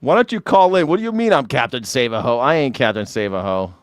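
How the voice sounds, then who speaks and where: A man's voice: mid-range voice, animated, quick pace, clean tone, no echo, studio quality. A man hosting a casual call-in livestream, rambling and profane, boasting about himself in a joking way. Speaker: livestream host taking callers.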